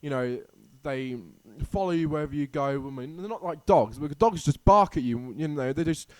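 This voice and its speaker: A man co-hosting a casual podcast, talking in an excitable, exclaiming way. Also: fairly high pitch, normal speed. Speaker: podcast co-host. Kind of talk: casual chat.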